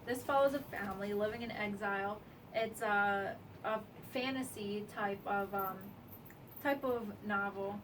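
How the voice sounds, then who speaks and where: A woman casually reviewing a comic, earnest and slightly halting. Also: medium pitch, distant mic, noisy background.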